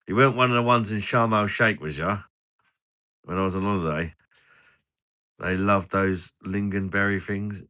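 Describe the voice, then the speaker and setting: Over drinks on a relaxed live stream, a British host with a lowish, bright, forceful voice talks at a moderate pace, leaving long pauses. His chat wanders from joke to joke, punctuated by frequent laughter.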